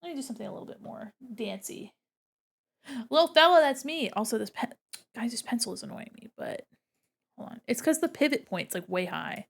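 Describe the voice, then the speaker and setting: Drawing in a room at home by a window, this woman streamer talks casually with viewers and thinks out loud as she goes. She speaks in a mid-range voice that is animated and brisk, with a creaky, husky quality.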